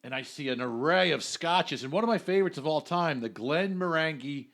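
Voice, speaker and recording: A man's voice: fairly high pitch, a little fast, gravelly, fairly bright tone. A man co-hosting a podcast in casual chat, talking in a brash, emphatic, jokey way. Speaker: podcast co-host.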